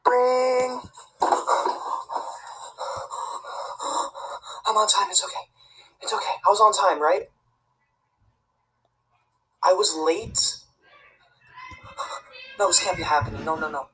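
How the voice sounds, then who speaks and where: A woman's voice: medium pitch, unhurried, pauses often, fairly bright tone, a little hiss or hum, close to an everyday voice, low-quality recording. A woman acting a prissy, rule-obsessed teacher's pet student in a comedy sketch, tattling and preaching about the rules. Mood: panicked, groveling. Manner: tattling, self-righteous and preachy.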